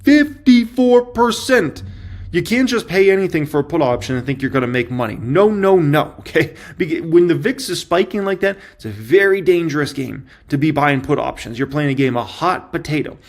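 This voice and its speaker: A man giving casual stock market commentary in an emphatic, excitable way, repeating his points for effect. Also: on the high side, a little fast, few pauses.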